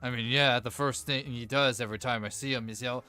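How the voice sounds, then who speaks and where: A man's voice: medium pitch, normal speed, few pauses, bright, forceful tone, faint music behind. A man narrating as game master of a tabletop game, rambling with many fillers.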